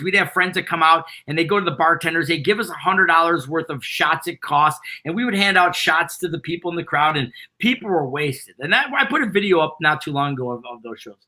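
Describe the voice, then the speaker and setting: A middle-aged man, a band founder, excitedly rambling through road anecdotes as a guest in a casual interview. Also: fairly high pitch, brisk, few pauses. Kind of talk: casual storytelling.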